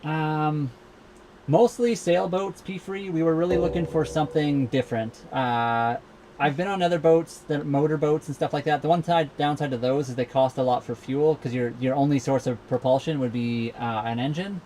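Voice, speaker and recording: A man's voice: on the high side, normal speed, dark tone, a little hiss or hum. A young man from Saskatchewan with a Canadian accent, hosting a casual live Q&A from inside his docked sailboat and rambling easily with lots of fillers. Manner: rambling, easygoing, many fillers. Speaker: livestream host. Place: cabin of a sailboat docked at a marina.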